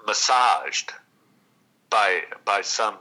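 A man from Texas, an actor and guest, telling stories in an unhurried, reflective interview. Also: lowish voice, lively intonation, sharp tone, rough recording. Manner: unhurried, reflective, with long pauses.

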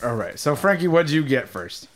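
A man's voice: on the high side, sing-song, moderate pace, slight background noise. A young man hosting a casual chat, rambling and self-deprecating, laughing often.

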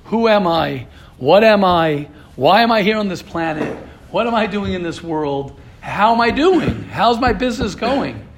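A man's voice: high-pitched, sing-song, measured pace, a little hiss or hum. A man teaching an informal Torah class, firing off repeated rhetorical questions and restarting his sentences.

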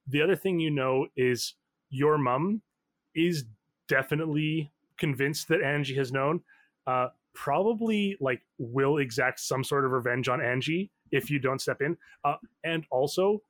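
Slow-talking male game master. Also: medium pitch, a bit bright, no room sound. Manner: loose, filler-heavy, laughs often. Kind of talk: narrating a tabletop game.

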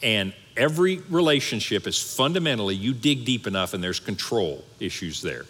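A man who is a pastor, preaching a conversational, animated sermon with asides. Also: fairly low pitch, moderate pace, breathy edge, in a large hall.

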